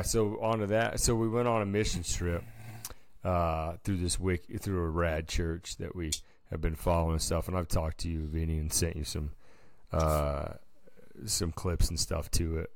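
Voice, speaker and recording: A man's voice: low voice, level tone, moderate pace, dry recording. A man co-hosting a casual podcast, telling a long story in a laid-back, slangy way. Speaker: podcast co-host. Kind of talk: casual chat.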